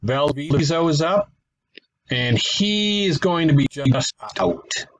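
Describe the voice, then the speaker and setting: A man's voice: on the high side, lively intonation, slow pace, a loud crowd, low-quality recording. A man giving casual play-by-play commentary on a simulated baseball game, thinking aloud, correcting himself and adding wry asides. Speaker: gaming channel host.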